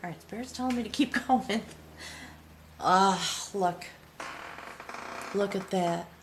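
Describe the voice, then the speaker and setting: Female tarot reader, mid-pitched, reverent and awed delivery with whispered asides. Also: slow pace, a little hiss or hum. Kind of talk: spoken tarot reading.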